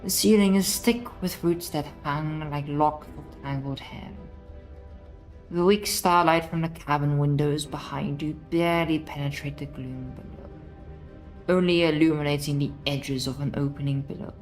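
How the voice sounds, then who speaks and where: A woman's voice: sits low, fairly even intonation, moderate pace, soft background music, close to an everyday voice, poor audio. A woman voicing a stern narrator who commands the listener to slay a princess. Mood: ominous. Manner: commanding, insistent. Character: stern female narrator urging a princess slaying. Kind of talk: reading a game aloud.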